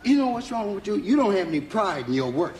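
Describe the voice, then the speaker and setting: A vain, bossy masked cowboy hero in a TV comedy sketch, scolding his sidekick in a very high, lively voice. It sounds roomy, with a studio audience laughing loudly behind. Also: fast, over a noisy crowd. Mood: bickering.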